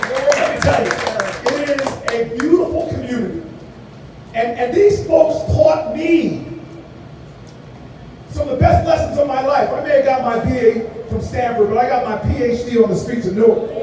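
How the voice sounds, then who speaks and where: A man's voice: very high voice, noisy background. Preacherly man at a rally, echoing from afar. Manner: preacherly, rhythmic, storytelling. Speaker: political candidate. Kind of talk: campaign rally speech. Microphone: far from the mic. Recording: echoey hall from far off, faint ambience.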